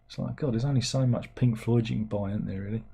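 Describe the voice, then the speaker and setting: A man's voice: medium pitch, fast talker, gravelly, dark tone, slightly rough. A middle-aged man, hosting a livestream in casual chat. He rambles and mocks himself as he reads out viewers' comments. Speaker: livestream host.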